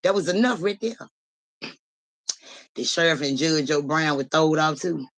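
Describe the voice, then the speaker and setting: A young woman streams live as a psychic reader, telling a story straight to her viewers in lively, profane casual talk. Her voice sits low and she speaks at a normal speed.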